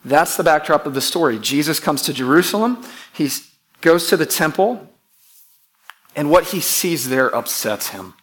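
A man's voice: on the high side, a bit bright. A pastor preaching to his church in an emphatic way, repeating key phrases and putting questions to the congregation. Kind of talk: sermon.

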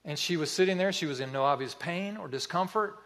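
A man preaching a sermon, telling a story in an earnest, vivid way with pauses. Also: fairly high pitch, fairly bright tone.

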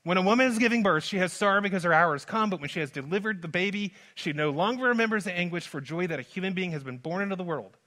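A man preaching a sermon as pastor, moving from hushed lines to loud, urgent ones. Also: high voice, fast, hardly any pauses. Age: adult father. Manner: dynamic preaching, swings from soft to loud.

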